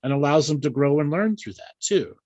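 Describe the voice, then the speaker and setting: A man's voice: fairly high pitch, lively intonation, a little fast, darkish tone, no room sound, muffled recording. Frank, laughing male talk-show host. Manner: frank, bawdy and laughing often. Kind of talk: casual live chat.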